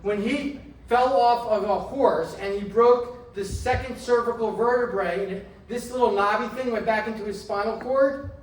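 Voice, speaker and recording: A middle-aged man, a chiropractor, giving a motivational health talk to a live audience, asking them questions and slowing down to stress key phrases. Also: sits high. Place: indoor event room. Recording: roomy echo, mic from a distance, faint background noise.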